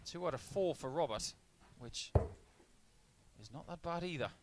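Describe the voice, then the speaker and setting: A man's voice: fairly high pitch, lively intonation, moderate pace. Analytical male darts commentator, noisy feed. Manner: analytical, stat-heavy play-by-play. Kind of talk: live sports commentary. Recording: noisy line with clicks.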